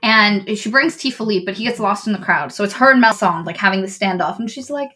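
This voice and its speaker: An animated woman retells a book's plot in casual podcast chat and swears freely. Her voice is bright and slightly high, and she keeps an easy conversational flow. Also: fairly quick, hardly any pauses. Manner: animated retelling with swearing, acting out lines of the characters. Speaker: podcast co-host.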